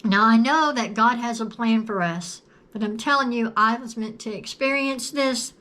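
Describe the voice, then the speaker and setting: A woman telling her own story to her viewers in an earnest, deliberate way, repeating phrases for emphasis and coughing now and then. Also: on the high side, fairly bright tone. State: coughing at times. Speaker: video creator sharing a personal story. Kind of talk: personal testimony to camera.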